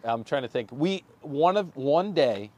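A young man co-hosting a podcast, riffing with quick jokes and puns in casual chat. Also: on the high side, animated, a little mellow. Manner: jokey, quick riffs and puns. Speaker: podcast co-host.

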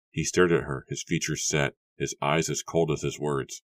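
A man reading an audiobook as narrator in a steady, measured way. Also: very deep voice, no room sound. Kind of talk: scripted narration.

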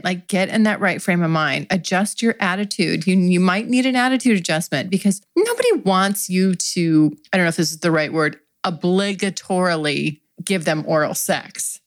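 A woman's voice: fairly low pitch, dry recording, clean studio sound. A woman hosting her own podcast, talking candidly and chattily in a solo monologue and laughing often. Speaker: podcast host.

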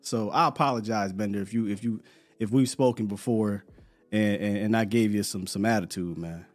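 A man's voice: fairly low pitch, moderate pace, soft background music. A man hosting a live podcast in casual chat, laid-back and slangy, often repeating words as he talks. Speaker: podcast host.

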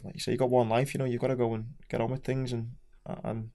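A man with a Scouse accent, a former Marine and podcast guest, telling his story frankly with dark humour in casual chat. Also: medium pitch, flat delivery, fast.

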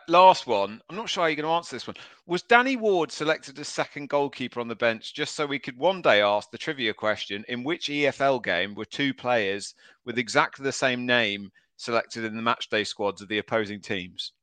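A man hosting a casual podcast, reading out listener questions, laughing often and moving the chat along briskly. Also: medium pitch, animated, bright, forceful tone, clear, resonant tone, dry recording.

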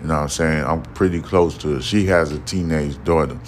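A man's voice: rumbling low, a little fast, a little hiss or hum. A man hosting a podcast alone, talking casually in a blunt, profane, preachy way that keeps checking in with listeners. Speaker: podcast host. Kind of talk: casual monologue.

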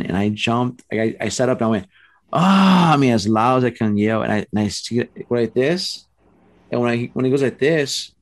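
A middle-aged man casually telling a story, animated and rambling, with restarts and acted-out quotes. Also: on the low side, no echo.

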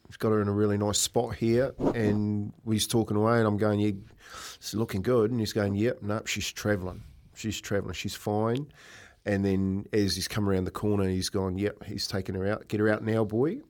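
A man's voice: fairly low pitch, a little mellow. A New Zealand man chatting casually on radio, telling a long story with lots of fillers and restarts. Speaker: racehorse owner and regular.

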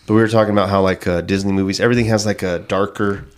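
Host type: lower-pitched guy, loose and profane, rambly storyteller for a comedy podcast. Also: steady tone, very fast. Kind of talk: casual comedy podcast banter.

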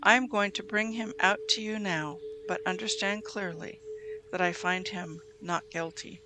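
A reader voicing a stern Roman governor who asks brisk, challenging questions, read in a near-everyday voice. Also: medium pitch, background noise, lightly acted. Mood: questioning.

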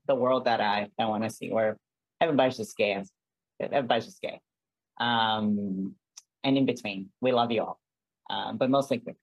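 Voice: medium pitch, no echo, muffled recording. A guest artist talking in a casual interview, earnest and rambling, with lots of "like" and "um.".

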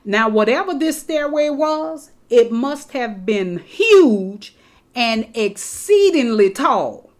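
A woman's voice: on the high side, animated, slow. A woman preaches an emphatic sermon to her congregation. She repeats the key phrases and calls on her listeners directly. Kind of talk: sermon, Bible teaching.

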